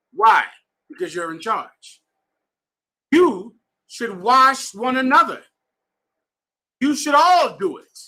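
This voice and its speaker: Emphatic high-voiced man teaching scripture. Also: sharp tone. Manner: emphatic, directs readers, casual slang. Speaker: scripture class instructor. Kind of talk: preaching-style bible class teaching. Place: classroom with students.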